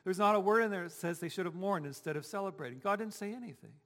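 A man's voice: sits high, quick pace, fairly bright tone, in a large hall. A man preaching a sermon as pastor, talking conversationally and asking the congregation rhetorical questions. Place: church sanctuary.

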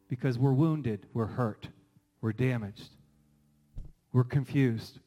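Animated male pastor preaching. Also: medium pitch, low-quality recording. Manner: animated preaching with rhetorical questions. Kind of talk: sermon.

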